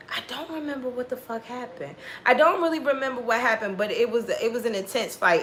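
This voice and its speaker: Her voice is a little high with a sharp edge. Speaking casually about something that happened to her, this woman is blunt and profane throughout and performs the dialogue of the people involved.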